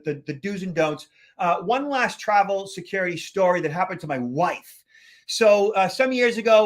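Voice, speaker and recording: A man with a high voice hosts a casual podcast chat, telling a travel story. His manner is chatty, and he often stumbles and repeats a word before going on. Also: a bit bright. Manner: chatty, repeats words as he restarts. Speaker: podcast host. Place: lives in Boston.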